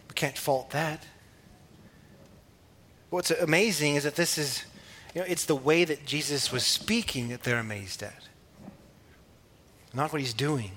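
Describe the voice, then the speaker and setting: Relaxed and conversational, a male preacher with a mid-range voice works through a Bible teaching, laughing softly now and then and restarting his sentences.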